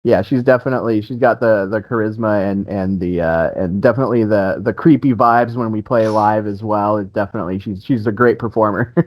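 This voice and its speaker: A man's voice: fairly low pitch, brisk, darkish tone, no echo. Rambling, laughing man on a dry mic. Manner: rambling, many restarts and fillers, laughs often. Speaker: band guitarist, interview guest. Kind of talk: casual interview chat.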